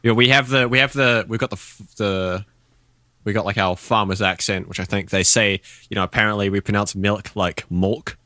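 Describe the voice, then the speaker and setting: A man's voice: fairly low pitch, fairly even intonation, normal speed, bright, forceful tone, no echo, clean studio sound. A man with a New Zealand accent, chatting casually as a podcast guest in a laid-back, rambling way. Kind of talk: casual chat.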